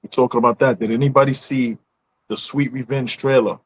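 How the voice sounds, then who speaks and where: A man's voice: mid-range voice, steady tone, brisk, slight background noise, poor audio. A man co-hosting a casual horror chat, laid-back and slangy. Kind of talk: casual live-stream chat.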